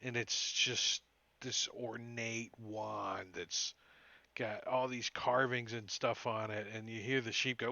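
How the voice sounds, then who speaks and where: A man narrates a tabletop game as game master in a very bright, sharp voice. He talks slowly and rambles with many fillers and restarts. The audio is dry, dull and lo-fi. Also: medium pitch, steady tone, vocal fry, no room sound.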